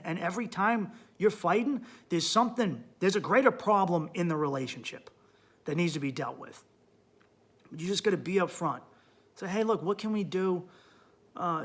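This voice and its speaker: A man hosting a podcast and giving blunt, profane relationship advice in an emphatic monologue. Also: high voice. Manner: blunt, emphatic, swears a lot, swings up loud when worked up. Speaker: podcast host and comedian.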